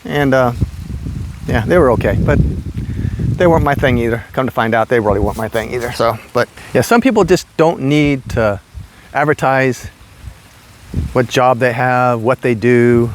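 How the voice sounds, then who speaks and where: A man in his sixties telling casual, rambling stories about his past work, getting animated as he goes. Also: moderate pace, long pauses, slight background noise. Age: 60s. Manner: animated, rambling, jumps high when quoting himself. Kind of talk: casual storytelling.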